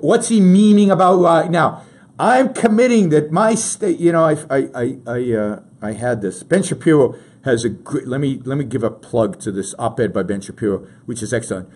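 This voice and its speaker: A man hosts a political talk show and delivers emphatic commentary straight to his audience. His voice sits high and a little husky, and his pitch swings widely as he pushes each point, often stopping to restart a sentence. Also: animated, normal speed, a little mellow. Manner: emphatic, addresses listeners directly, many restarts.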